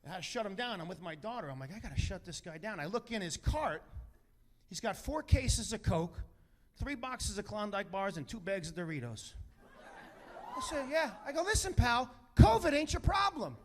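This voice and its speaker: A man doing a brash, profane stand-up comedy set, telling stories and acting out quotes with loud punchlines. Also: high voice, sing-song, moderate pace, background noise. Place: comedy stage with a live audience.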